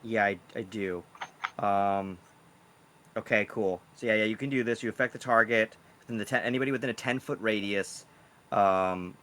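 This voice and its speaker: A man's voice: fairly low pitch, steady tone, moderate pace, a bit bright. A man narrating a tabletop game as game master, rambling with many fillers.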